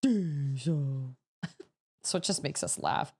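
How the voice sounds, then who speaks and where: A woman's voice: low voice, expressive, unhurried. A woman in her thirties chatting casually as a streamer, laughing often and breaking into sudden exclamations. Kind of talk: casual chat while building.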